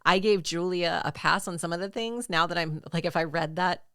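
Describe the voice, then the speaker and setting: Low gravelly woman, dry sound. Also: a little fast, fairly bright tone, no echo. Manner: thoughtful, hedging, laughs through stories. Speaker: podcast co-host. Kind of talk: casual chat.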